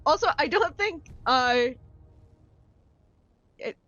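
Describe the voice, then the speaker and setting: Giggly lady cohost, kinda high, lively pitch, dull lo-fi sound. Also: slow, dry recording, soft background music. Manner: giggly, hesitant asides. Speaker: podcast co-host. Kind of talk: casual podcast chat. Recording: dull lo-fi audio.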